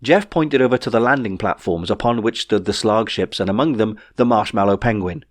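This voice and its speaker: Man, audiobook narration, wry, measured, dry close recording. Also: lowish voice, no echo. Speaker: author reading his novel.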